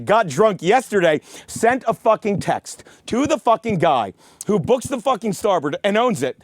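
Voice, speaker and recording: A man's voice: high-pitched, no echo. A middle-aged man hosting a podcast from his desk, tipsy on whiskey, ranting in a heated, rambling, profane way and spelling words out letter by letter. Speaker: podcast host. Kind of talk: profane comedic rant. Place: studio desk.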